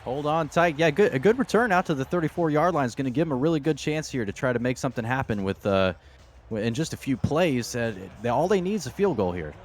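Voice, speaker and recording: Color man, mid-pitched, folksy and exclamatory, faint hiss. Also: expressive, quick pace. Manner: folksy, leans on exclamations like "boy, oh boy". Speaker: color commentator. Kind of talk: live esports football commentary.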